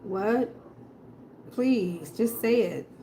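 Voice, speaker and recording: A woman in a casual reaction video, slowly repeating a hard word and laughing at herself. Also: fairly high pitch, warm tone, slight background noise, low-quality recording. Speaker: tarot reader and video creator.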